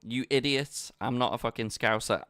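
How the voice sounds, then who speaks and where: A man's voice: mid-range voice, normal speed, fairly bright tone, no echo, clean studio sound, soft background music. A man chatting casually with his viewers while he plays online poker, bantering and talking to the chat. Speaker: poker streamer. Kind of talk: casual live-stream commentary.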